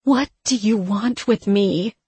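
A woman voicing a terrified young psychic woman under attack, crying out in shrill panic. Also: slow pace, mellow, husky, no echo. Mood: frightened, desperate.

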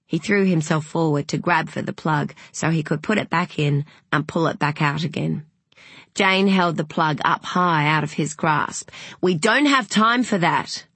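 Low, breathy woman narrating slowly. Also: steady tone, fairly bright tone, dry recording. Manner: measured, unhurried storytelling. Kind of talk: audiobook narration.

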